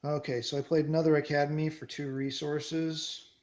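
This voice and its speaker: A man's voice: fairly high pitch, flat delivery, normal speed, a little mellow. A man playing a card game, chatting casually and thinking aloud about his moves. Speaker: card game player and co-host. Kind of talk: casual gameplay chat.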